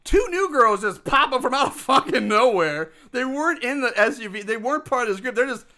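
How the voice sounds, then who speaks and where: A man with a high, bright voice rants through a movie recap as a podcast co-host. He swears freely and sounds thoroughly fed up with what he's describing. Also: animated, a little fast. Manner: exasperated, profane ranting. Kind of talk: casual chat.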